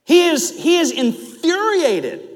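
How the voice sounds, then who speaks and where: A middle-aged male pastor preaching a sermon, telling stories in an animated way and building to loud, emphatic peaks. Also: extremely high pitch, slow pace. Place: church sanctuary. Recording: church hall reverb.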